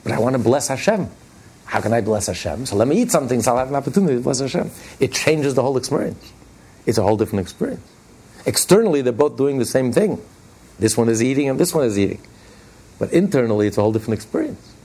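A male rabbi teaching a class, speaking at an ordinary middle pitch. He tells stories plainly and conversationally, and he drives his points home by repeating them with emphasis. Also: lively intonation, fast, mellow, slightly rough. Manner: emphatic, repeats key phrases, rising on points; plainspoken, conversational storyteller with restarts. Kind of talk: spoken religious lesson with storytelling.

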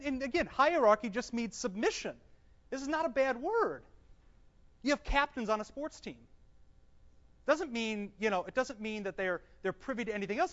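Teaching the Bible to a live group, this man speaks at a medium pitch with a fairly bright tone. He slowly reads scripture aloud, explains it, and asks the room questions he answers himself. The sound is a dull, echoey hall recording.

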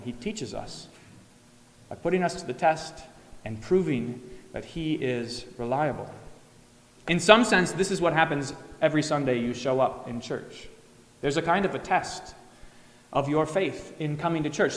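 A man preaching a sermon as pastor, earnest, asking the congregation rhetorical questions and acting out imagined replies. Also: on the high side. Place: church sanctuary. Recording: echoey church hall.

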